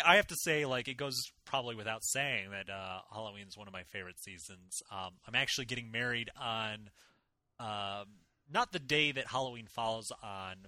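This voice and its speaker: A man's voice: mid-range voice, sharp tone, dry recording. A young man hosting a casual podcast chat, teasing his co-hosts, laughing often and restarting his sentences. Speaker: podcast host.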